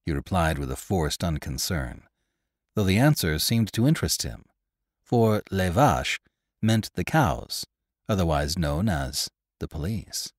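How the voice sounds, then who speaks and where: A male narrator reading a classic tale with a lively, rolling delivery that rises and falls widely. He speaks slowly in a lowish voice, and the sound is close and dry with no room around it. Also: no echo. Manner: measured, expressive storytelling. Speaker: podcast narrator. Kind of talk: audiobook narration of a classic story.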